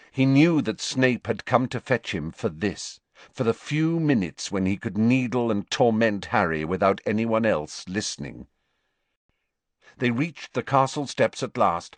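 Low, lively-voiced male storyteller. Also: dry recording. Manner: measured, expressive storytelling. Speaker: audiobook narrator. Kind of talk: scripted narration.

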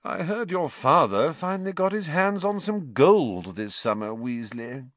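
A man's voice: on the high side, very animated, measured pace, no room sound, voice pushed up. A man voicing a sneering, spoiled schoolboy bully with a lazy drawl. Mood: taunting.

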